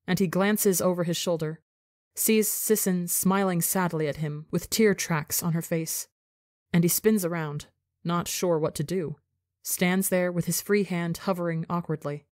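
A woman narrating a fan fiction story for a podcast, an intimate, expressive reading. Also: fairly low pitch, no room sound, clean studio sound. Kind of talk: scripted narration.

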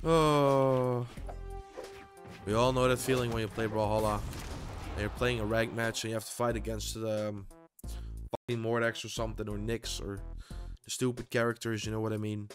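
A young man giving excitable gameplay commentary as host, swearing and bursting into sudden yells. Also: fairly low pitch, moderate pace, pauses often, soft background music. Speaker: gaming channel host.

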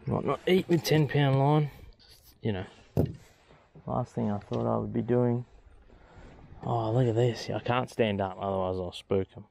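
A man's voice: mid-range voice, a little slow, gravelly, long pauses, darkish tone. Sex: man. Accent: Australian. Style: chatty fishing commentary from a boat. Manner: chatty, talks to the fish, laughs a lot. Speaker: fishing vlogger. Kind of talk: casual running commentary. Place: on a boat outdoors.

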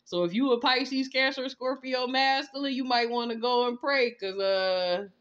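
A woman's voice: fairly high pitch, normal speed, fairly bright tone, dull audio. Profane laughing woman tarot reader. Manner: profane, laughing, incredulous ranting. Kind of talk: casual spiritual reading vlog.

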